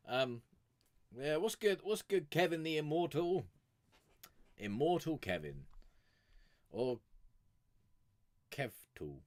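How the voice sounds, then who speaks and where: A man's voice: mid-range voice, huge pitch swings, takes it slowly, pauses often, dry recording. A young man chatting casually on a live stream, rambling and swearing freely as he talks to viewers. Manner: rambling, swears freely, chuckles between thoughts. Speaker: music review streamer.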